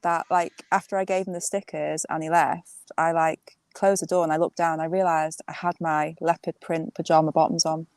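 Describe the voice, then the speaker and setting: An English woman co-hosting a casual live chat, relaxed and laughing at herself. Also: low-pitched, normal speed, few pauses, clean tone, no echo. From England. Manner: relaxed, laughing, self-deprecating. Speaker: co-host of a metal detecting channel.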